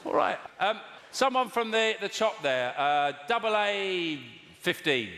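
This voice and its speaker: A man doing stand-up comedy, telling rambling, deadpan stories and bantering with the crowd in a live venue. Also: high-pitched, measured pace, a little hiss or hum. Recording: echoey live venue, loud audience.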